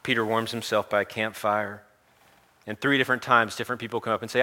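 A man preaching, retelling a story in an animated, conversational and humorous way. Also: lowish voice, fast talker. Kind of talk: storytelling sermon.

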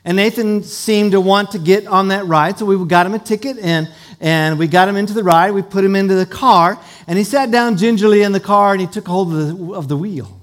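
A man's voice: high voice, brisk, few pauses. A middle-aged man preaching a sermon as pastor, telling a family story and leading a call-and-response with the congregation.

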